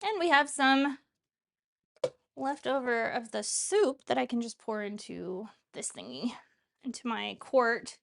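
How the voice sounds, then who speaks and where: A woman's voice: fairly high pitch, unhurried, vocal fry, pauses often, fairly bright tone. A young woman hosting a home cooking show, chatting casually and joking at her own expense while she cooks. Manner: chatty, self-mocking, talks while cooking. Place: home kitchen.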